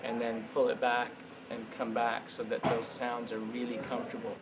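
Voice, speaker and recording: A man's voice: mid-range voice, completely flat delivery, moderate pace, heavy background noise. A man, a dialect coach, explaining accent work in a precise, explanatory way. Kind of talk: interview for a featurette.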